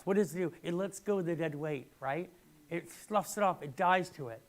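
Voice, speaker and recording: Earnest male minister preaching a sermon. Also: on the high side. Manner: earnest, swinging from hushed to emphatic. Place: church sanctuary.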